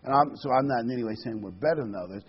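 A pastor with a medium-pitched, breathy voice talks very fast as he preaches a Bible study sermon, reading scripture aloud, cracking jokes and stressing key words. The recording sounds dull and lo-fi.

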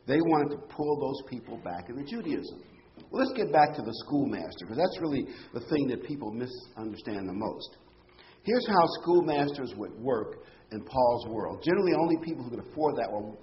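A man's voice: medium pitch, highs cut off, slight background noise. A man preaching a Bible-teaching sermon, explaining scripture with rhetorical questions and emphatic phrases.

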